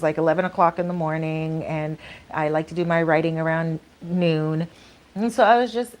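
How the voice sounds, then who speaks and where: A chatty woman vlogger spins a casual story with an animated delivery and frequent laughs. She sits at a mid-range pitch and jumps into the voices of everyone in her tale. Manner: animated, acts out both sides of dialogue.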